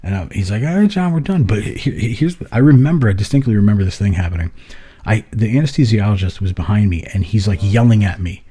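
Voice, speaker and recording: A man's voice: fairly low pitch, fast, dark tone, slightly rough. A man co-hosting a podcast, telling a story in casual chat, swearing freely as he retells it. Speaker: podcast co-host.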